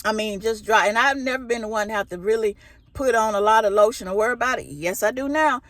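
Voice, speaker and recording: A woman's voice: on the high side, fast talker, fairly bright tone, no echo. A woman, chatting casually and emphatically to her viewers. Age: 40s. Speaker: vlogger. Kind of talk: casual direct-to-camera talk.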